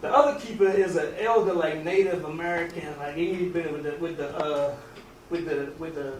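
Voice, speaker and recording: A man with a fairly high voice tells a long story in a loose, rambling way, often restarting his sentences. He sounds distant from the mic, in a roomy space with a faint hum of noise behind him. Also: steady tone, moderate pace. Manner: rambling, with many restarts and casual grammar. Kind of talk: casual oral storytelling.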